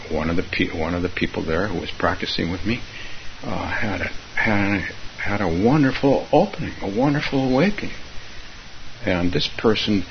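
Man, zen teacher, dharma talk, fairly low voice, halting, repeats phrases, dull recording, faint hiss. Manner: halting, repeats himself, chuckles often.

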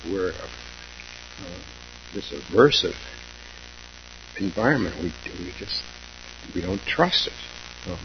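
A man, a Zen teacher, giving a dharma talk in a slow, halting, reflective way with pauses and soft laughs. Dull lo-fi recording with a faint hum. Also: sits low, animated.

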